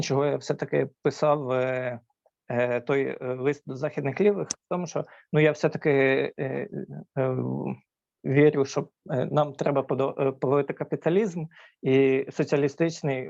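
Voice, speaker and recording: A man's voice: medium pitch, vocal fry, darkish tone, dry recording. Man panelist, hesitant with fillers, mid voice, dull dry recording. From Ukraine. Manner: hesitant, many filler sounds. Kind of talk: panel discussion.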